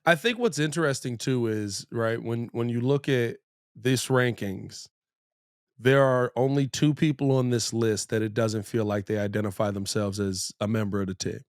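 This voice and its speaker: A young man hosting a sports podcast, rambling excitably with frequent restarts. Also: medium pitch, normal speed, no room sound, studio quality. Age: young adult. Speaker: podcast host. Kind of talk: casual sports podcast banter.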